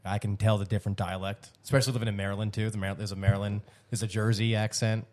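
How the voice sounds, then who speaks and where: Low-voiced guy cursing casually on a podcast. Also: quick pace. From Florida, United States. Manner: profane, relaxed bro talk. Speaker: band member, podcast guest.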